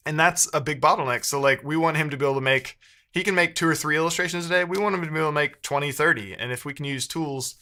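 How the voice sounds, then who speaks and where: A man's voice: a little high, quick pace, sharp tone. A man live-streaming while he codes, chatting casually with viewers and thinking aloud, often second-guessing himself mid-sentence.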